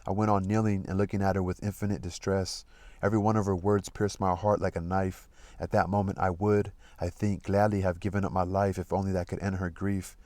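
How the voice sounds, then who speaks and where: A man reading a classic novel aloud, pausing to re-read passages and muse about them. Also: sits low, level tone, a little mellow, dry recording. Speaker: reader of a literary audiobook channel.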